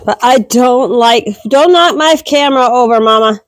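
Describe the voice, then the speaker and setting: A woman's voice: fairly high pitch, normal speed, poor audio. A woman goat farmer vlogging casually while doing barn chores, talking fondly to her goats and scolding them.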